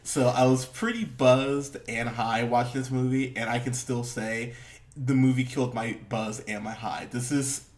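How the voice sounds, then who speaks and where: A man's voice: medium pitch, fairly even intonation, normal speed. A man hosting a casual movie review podcast, rambling with lots of fillers, laughing and swearing as he talks. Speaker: podcast host.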